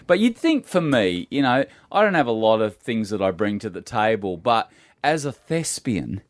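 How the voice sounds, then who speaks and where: A man's voice: lowish voice, sing-song, normal speed, no room sound. A man with an Australian accent hosting a radio show, chatting casually and making fun of himself. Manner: chatty, self-mocking, jokey. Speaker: radio host. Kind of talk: casual breakfast-radio banter.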